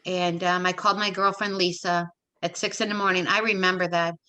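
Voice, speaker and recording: Give me a bright-voiced middle-aged woman telling her story. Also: fairly low pitch, level tone, fairly quick. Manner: retells events with quoted dialogue and emphatic repetition. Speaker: interview guest. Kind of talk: emotional personal storytelling.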